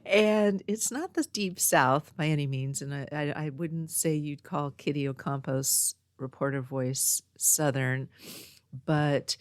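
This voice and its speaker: A woman's voice: sits low, takes it slowly, smooth, dry recording. A woman from Northern California hosting her own podcast, chatting in a meandering storytelling way. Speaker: podcast host. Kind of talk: casual chat. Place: home next to a small post office. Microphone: own podcast mic.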